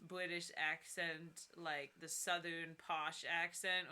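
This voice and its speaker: A woman's voice: low-pitched, little pitch movement, measured pace, sharp tone, clean tone. A woman co-hosting a casual live stream, joking and swearing freely while brainstorming a game. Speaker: streamer co-host. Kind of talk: casual Twitch stream chat.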